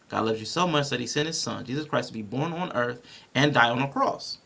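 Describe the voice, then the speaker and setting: A man co-hosting a casual panel podcast, reading Bible verses aloud and walking through his points in an animated way. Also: mid-range voice, fast, creaky. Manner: animated, reads scripture aloud and explains it. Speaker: podcast co-host.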